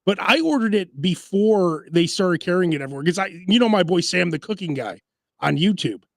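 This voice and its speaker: A man's voice: sits high, expressive, brisk, creaky, no echo, clean studio sound. A man hosting a casual food podcast, telling rambling stories and mimicking voices. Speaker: podcast host. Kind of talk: casual chat.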